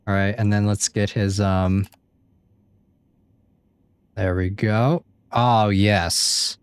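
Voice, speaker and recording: A man's voice: fairly low pitch, steady tone, very slow, pauses often, smooth, dry recording. A young man giving casual gameplay commentary, joking, self-deprecating and swearing freely. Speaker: gaming YouTuber.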